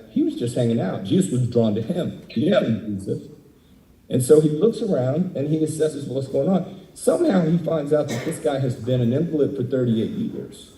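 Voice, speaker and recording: A man giving an interactive sermon as a guest speaker, acting out dialogue in animated character voices. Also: medium pitch, echoey room, recorded from a distance, rough recording. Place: indoors, speaking remotely at a screen.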